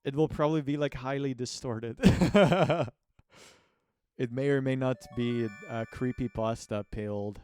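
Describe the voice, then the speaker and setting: A man's voice: medium pitch, measured pace, a little mellow, clear, resonant tone, faint music behind. Rambling, self-mocking male streamer. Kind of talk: casual live-stream chat.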